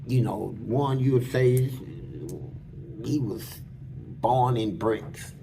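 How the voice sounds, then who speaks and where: A man's voice: mid-range voice, slow pace, creaky, warm tone, slight background noise. A man as an interview guest, telling stories in casual, blunt and crude street slang, acting out other people's lines as he goes. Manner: acts out other people's lines mid-story. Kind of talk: casual storytelling about prison life.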